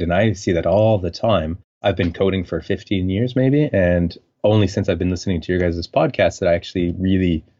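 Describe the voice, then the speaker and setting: A man from French Canada, a scientist, talking in a relaxed, rambling way as a podcast guest. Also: sits low, muffled recording. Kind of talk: conversational interview.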